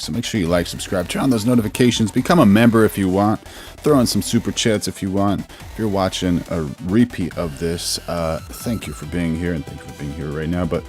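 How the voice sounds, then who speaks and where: A man's voice: sits low, a little mellow. A man hosting a live reaction stream, talking loosely and thinking aloud with fillers and restarts. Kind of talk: casual live reaction commentary.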